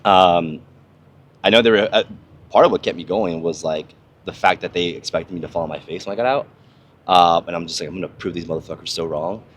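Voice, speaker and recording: A young man with a very low voice, swearing freely and rambling through stories in a casual podcast chat. His talk is loose, full of fillers and restarts, over a faint ambient hiss. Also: a little fast, fairly bright tone. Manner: profane, rambling storyteller. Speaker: podcast host, army veteran. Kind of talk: casual conversation.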